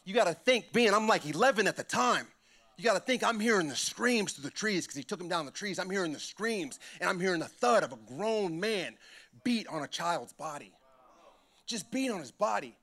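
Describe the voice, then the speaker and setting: A man giving an impassioned testimony at church, emphatic and repeating lines as he builds to shouts. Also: high voice, animated, moderate pace.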